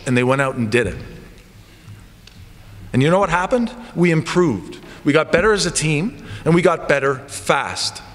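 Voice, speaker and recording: A male basketball coach giving a lively assembly speech in a church, telling stories and acting them out. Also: fairly high pitch. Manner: animated storytelling with comic voices. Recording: long church reverb, faint ambience.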